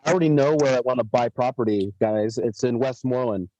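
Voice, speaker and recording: A man's voice: medium pitch, fast, dark tone, no room sound, lo-fi sound. A man talking casually and earnestly as host, with frequent swearing. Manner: profane, earnest, talks of cannabis growing. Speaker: podcast host. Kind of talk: casual chat.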